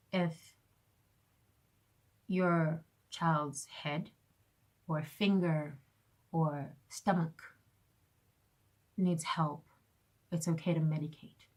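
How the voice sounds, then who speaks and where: A young woman ranting in a casual vlog, telling stories with exasperated sarcasm and mocking quoted voices. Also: on the low side. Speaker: vlogger.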